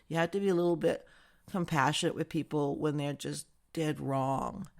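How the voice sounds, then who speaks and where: Sarcastic, gravelly woman commentator. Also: low-pitched. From United States. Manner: sarcastic, chatty, laughs often. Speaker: political commentary host. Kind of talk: casual opinion monologue.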